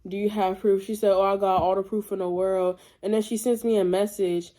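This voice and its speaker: A young woman casually telling a personal story to her viewers, chatty and animated, acting out what others said. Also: mid-range voice. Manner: chatty, animated, fast asides and quoted voices. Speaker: storytime vlogger.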